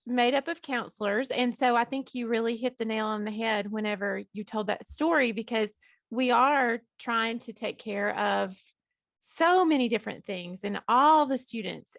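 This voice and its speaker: A woman who co-hosts a podcast and speaks thoughtfully, pausing with fillers. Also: on the high side, gravelly, a bit bright, no echo. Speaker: podcast co-host. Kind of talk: casual interview chat.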